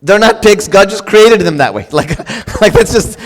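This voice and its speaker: A middle-aged man preaching with a notably high voice, his words trailing into the long reverb of a church hall. He talks casually and with animation, slipping into raised voices to act out quarrelling spouses. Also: animated, unhurried, fairly bright tone. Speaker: pastor. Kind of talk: sermon.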